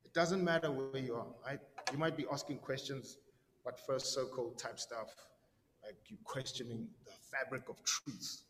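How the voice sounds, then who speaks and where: A man's voice: mid-range voice, fairly even intonation, moderate pace, big-room sound, background noise. A man giving a casual, conversational sermon, slangy and full of "right?" tags and repeated words. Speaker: preacher.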